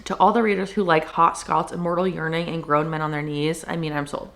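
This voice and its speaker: Young woman, book vlogger, casual chatty delivery, lowish pitch, filler-heavy. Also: fairly even intonation, fairly quick, creaky, a bit bright. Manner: chatty, peppered with "like" and "um". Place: at home indoors.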